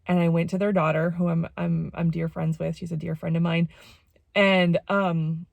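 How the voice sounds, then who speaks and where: A woman's voice: on the low side, level tone, moderate pace, vocal fry, darkish tone, no room sound. A woman vlogger telling an emotional personal faith story, rambling and repeating her phrases. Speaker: jewelry vlogger and former missionary.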